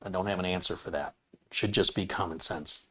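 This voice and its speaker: A blunt, opinionated man answers viewer questions in a casual, rambling way. His voice sits low, and he doubles back on his words as he talks. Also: steady tone, fairly quick, pushed and bright. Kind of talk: casual live Q&A.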